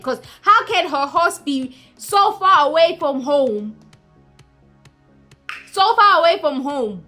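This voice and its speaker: A woman's voice: sits high, expressive, slow pace, long pauses, bright, forceful tone, faint music behind. A woman recapping a movie in a chatty, mocking way, acting out characters as she goes. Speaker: YouTuber.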